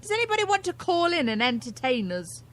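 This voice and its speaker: A woman's voice: high-pitched, sing-song, fast talker, slight background noise. Giggly British woman radio co-host. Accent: British English. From England. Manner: giggly and self-mocking. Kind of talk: casual radio chat.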